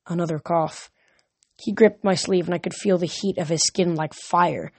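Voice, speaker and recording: Woman, earnest read-aloud of a novel, lowish voice, occasional slips. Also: fairly even intonation, moderate pace, husky. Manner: earnest, stumbles and corrects words. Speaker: reader.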